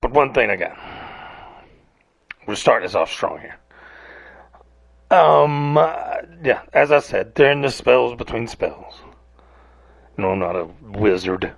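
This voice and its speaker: A man's voice: mid-range voice, lively intonation, slow, creaky, long pauses, no echo. A man hosting a casual morning rant show, rambling and profane. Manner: rambling, profane, self-mocking. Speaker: podcast host.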